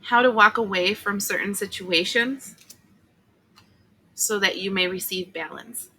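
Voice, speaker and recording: Bright-voiced woman giving a chatty tarot reading. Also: mid-range voice, measured pace, poor audio. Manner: chatty, emotional, many fillers and asides. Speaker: tarot reader.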